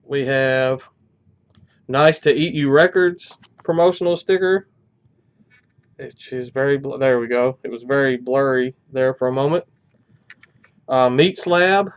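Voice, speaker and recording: A man talks through an unboxing in a loose, rambling way, full of "uh" pauses. His voice is smooth and resonant but sounds congested and short of breath. The audio is dull and lo-fi, like a home video. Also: mid-range voice. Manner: rambling, many "uh" fillers. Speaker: metal music channel host. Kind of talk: casual unboxing chat.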